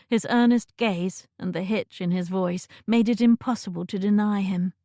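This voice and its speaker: A woman narrating a romance audiobook in a measured, intimate way, close to a studio mic in a dry booth. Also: mid-range voice, fairly even intonation, mellow, no room sound.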